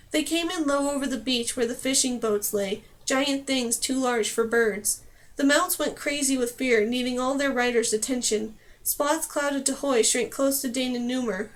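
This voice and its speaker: A woman narrating a fantasy novel as an audiobook reader. Her voice sits high, and she tells the story in a steady, clear way. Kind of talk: scripted narration.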